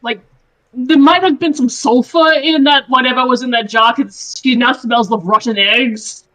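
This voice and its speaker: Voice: sits high, normal speed, sharp tone, poor audio. A player in a tabletop game, talking casually and hesitantly with many fillers.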